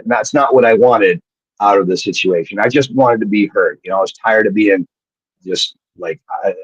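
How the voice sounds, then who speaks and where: A man's voice: lowish voice, slightly rough, no echo. A man, a former wrestler, telling rambling, profane stories as a guest in casual chat, heard through dull lo-fi remote audio. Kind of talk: casual storytelling.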